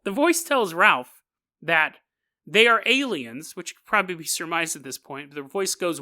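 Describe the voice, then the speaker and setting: A man's voice: high voice, lively intonation, moderate pace, sharp tone. A male podcast host retelling a strange story in a comedic way, full of jokey asides and chuckles. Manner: jokey asides, laughs through the telling.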